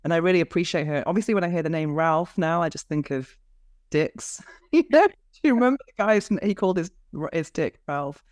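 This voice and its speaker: A woman's voice: fairly low pitch, fast, hardly any pauses, a little mellow, no room sound. Dry-sounding chatty woman podcast host. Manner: chatty, laughs often, frequent restarts. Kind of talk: casual interview chat.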